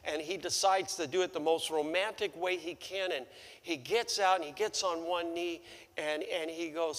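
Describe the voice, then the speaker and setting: Male pastor, middle-aged, high bright voice, animated stammering storyteller, long church reverb. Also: moderate pace. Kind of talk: sermon. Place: church sanctuary.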